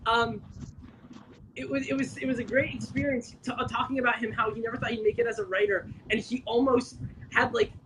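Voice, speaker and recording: A man from New Jersey hosting a casual chat, telling stories in an animated, rambling way. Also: very high voice, a little fast, background noise. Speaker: host.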